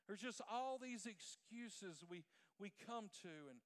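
A man's voice: high voice, animated, slow, few pauses, long reverb tail. A middle-aged man preaching a sermon as pastor, asking the congregation questions and waiting for the answer. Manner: preaching with call-and-response questions.

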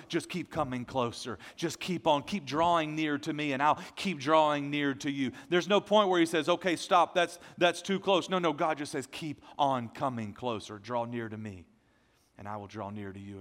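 A middle-aged man preaching a sermon as pastor, dynamic, swinging from loud to hushed. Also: on the high side. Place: church sanctuary. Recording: long hall reverb.

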